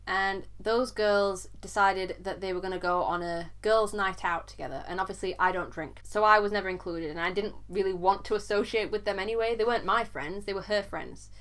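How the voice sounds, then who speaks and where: A young woman vlogger telling a personal story in an earnest, halting way, sometimes repeating words as she struggles to go on. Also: medium pitch, fairly bright tone.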